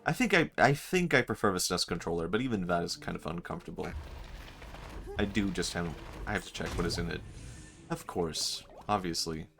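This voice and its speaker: Man, livestreamer, casual chat, fairly low voice, self-mocking, laughs a lot. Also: animated, brisk, creaky, a bit bright, soft background music. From Sweden. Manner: muses aloud, laughs often, self-mocking. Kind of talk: casual chat while gaming.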